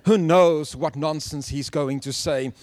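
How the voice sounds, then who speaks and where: A man preaching a sermon to a congregation, animated and humorous, often laughing as he tells stories. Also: on the high side, unhurried, big-room sound. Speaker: pastor.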